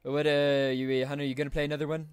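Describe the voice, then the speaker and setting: A man's voice: a little high, flat delivery, fast talker, smooth, soft background music. A man hosting casual gaming chat, musing at an easy pace. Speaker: streamer host.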